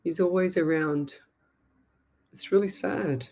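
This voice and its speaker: An Australian woman hosting a live psychic reading, speaking in a sympathetic, halting way and repeating herself often. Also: fairly low pitch, creaky, dark tone. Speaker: psychic medium host.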